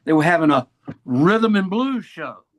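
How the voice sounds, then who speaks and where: A man's voice: fairly high pitch, sing-song, measured pace. A man in his seventies from Virginia, telling stories as a guest in an interview, full of old hipster slang. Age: 70s. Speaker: guest musician. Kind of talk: casual storytelling interview.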